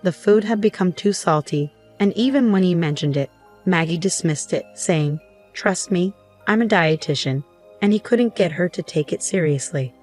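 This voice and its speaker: A woman narrating a first-person story in an even, earnest scripted style. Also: lowish voice, moderate pace. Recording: faint background music.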